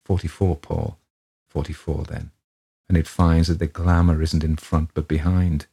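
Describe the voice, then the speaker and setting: A weary male writer in his forties, tired of his craft and prone to grumbling, as a man reading the story gives him voice. The voice sits deep and dark with a husky edge. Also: level tone, unhurried, exaggerated voice. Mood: petulant. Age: 40s. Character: weary middle-aged male writer, petulant.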